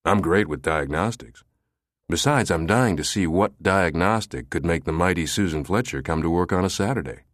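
A man's voice: deep voice, expressive, normal speed, no echo, studio quality. A man voicing a cocky coworker who teases, in an audiobook. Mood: teasing. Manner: teasing. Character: cocky, teasing male coworker.

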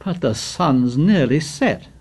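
A man's voice: fairly high pitch, lively intonation, slow, darkish tone, exaggerated voice. A man reading a fretful boy leader. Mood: troubled.

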